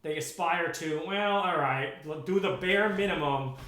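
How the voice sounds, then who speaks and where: A man's voice: fairly high pitch, measured pace, pushed and bright, roomy sound. A man in his thirties live-streaming his programming work, talking bluntly and with exasperation, often restarting his sentences. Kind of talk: casual live-stream talk.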